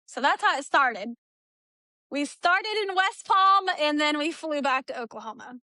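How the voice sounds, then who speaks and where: A woman with a high, bright voice recounts a personal ordeal as a podcast guest. She talks in a chatty way, full of "like", and slips into the voices of the people in her story. The sound is dry and close. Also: measured pace, no room sound. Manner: animated, acts out quoted dialogue; chatty, with frequent "like" fillers. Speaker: interview guest.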